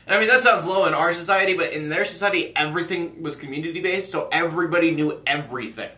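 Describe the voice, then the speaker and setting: Bright-voiced young man in an echoey room. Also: a little high, quick pace, hardly any pauses. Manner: chatty, lots of "like" fillers, acts out characters' lines. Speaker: host of a faith video show. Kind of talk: casual retelling of a Bible story.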